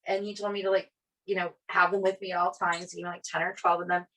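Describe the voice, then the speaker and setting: A woman's voice: lowish voice, fast. A woman co-hosting a podcast, telling a personal story in casual chat and acting out the people she quotes. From Italian family. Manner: animated storyteller, quoting others with many "like" fillers. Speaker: podcast co-host.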